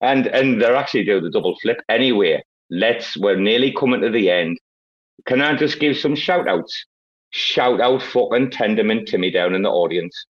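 A man's voice: on the low side, animated, normal speed, muffled recording. A man hosting a casual online chat, boisterous and rambling, with heavy swearing. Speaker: host.

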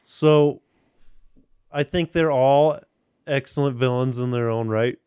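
A man's voice: medium pitch, takes it slowly, warm tone, clean tone, dry recording, studio quality. A man hosting a podcast, chatting casually, rambling, swearing and restarting often. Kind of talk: casual chat.

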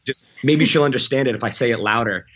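A man telling a personal story in casual chat. He talks in a rambling, self-correcting way and gets animated when he quotes people. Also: mid-range voice, quick pace, highs cut off. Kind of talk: casual anecdote.

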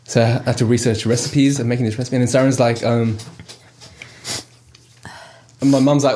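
Lively young man telling stories. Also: medium pitch, moderate pace, long pauses, slight background noise. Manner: animated storytelling, laughs often. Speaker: podcast host. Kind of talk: casual chat.

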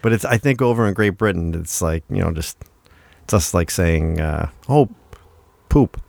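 A man's voice: low-pitched, moderate pace, gravelly, dry recording. An American man co-hosting a podcast in casual chat, joking crudely. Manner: crude, joking, puts on mock accents. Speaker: podcast co-host.

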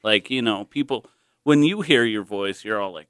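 A man's voice: lowish voice, animated, moderate pace, fairly bright tone, smooth, dry recording, clean studio sound. A man with a slight lisp, a guest on a comedy podcast, chatting in an easygoing, laid-back way. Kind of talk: casual chat.

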